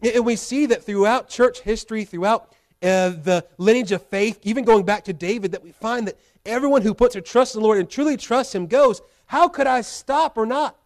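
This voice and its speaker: A man's voice: sits high, brisk. A male pastor preaching a sermon in a church, earnest and full of repeated rhetorical questions. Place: church sanctuary.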